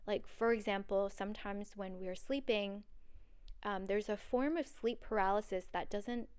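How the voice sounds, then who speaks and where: A woman's voice: medium pitch, fairly even intonation, moderate pace, darkish tone, smooth. A woman hosting a solo podcast, talking in an earnest, personal and rambling way with many fillers. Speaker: podcast host. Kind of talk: solo podcast monologue on dreams.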